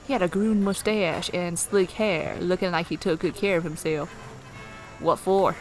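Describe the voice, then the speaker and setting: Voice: mid-range voice, normal speed, soft background music. A streamer reading a western story game aloud, with playful asides.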